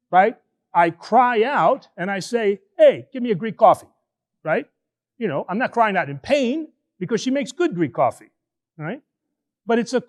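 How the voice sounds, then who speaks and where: High-voiced man preaching a sermon. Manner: animated, conversational preaching with drawn-out emphasis. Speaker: priest. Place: church.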